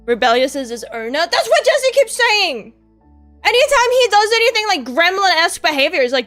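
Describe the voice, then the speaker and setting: A young woman streamer chatting casually, rambling through profane, excitable stories. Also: very high voice, fairly quick, soft background music. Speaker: VTuber streamer.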